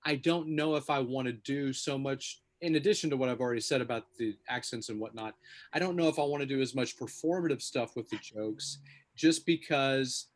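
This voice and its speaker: A man's voice: medium pitch, fairly quick. A man co-hosting a podcast in casual chat, hedging and rambling with lots of fillers. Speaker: podcast co-host telling jokes.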